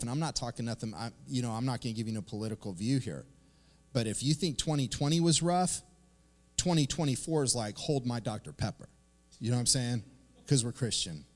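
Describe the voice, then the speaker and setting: Middle-aged male pastor, casual animated sermon delivery, mid-pitched voice, long hall reverb. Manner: animated, conversational, acts out quotes. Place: church sanctuary.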